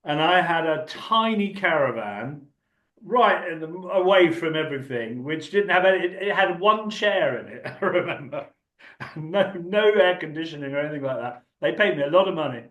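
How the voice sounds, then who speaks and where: Older actor guest, rambling anecdotes, slightly higher voice, echoey room. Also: male voice, expressive, normal speed, muffled recording. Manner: chatty, rambling, laughs often. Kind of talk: anecdotal storytelling.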